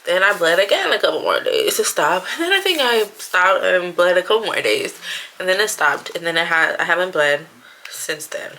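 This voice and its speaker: A woman's voice: lowish voice, very animated, normal speed, sharp tone, slight background noise. A woman in her thirties telling a personal story in a casual vlog, chatty and acting out what people said. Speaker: vlogger.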